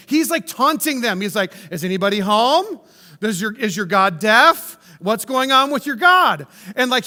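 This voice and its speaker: In the church sanctuary, long reverb lingers after every phrase as a male pastor delivers his sermon. His voice rings high and bright, and he tells the story with conversational enthusiasm, slipping in offhand remarks along the way.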